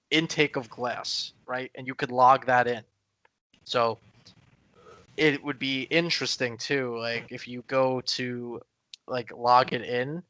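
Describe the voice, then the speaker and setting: A man's voice: medium pitch, bright, forceful tone, no room sound. A man co-hosting a podcast in casual chat, rambling with many fillers and restarts. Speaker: podcast co-host.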